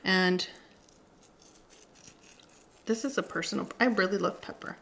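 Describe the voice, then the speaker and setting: A woman's voice: mid-range voice, unhurried, gravelly, fairly bright tone. A playful woman in her thirties talks her viewers through a recipe in her home kitchen. She is chatty and casual and drops in the odd Spanish word. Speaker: cooking channel host. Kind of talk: casual cooking demonstration.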